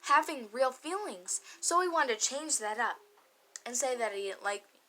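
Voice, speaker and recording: Woman vlogger, bright and sharp tone, candid and emotional storytelling with frequent swearing. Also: sits high, animated, normal speed, low-quality recording. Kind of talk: confessional storytime vlog.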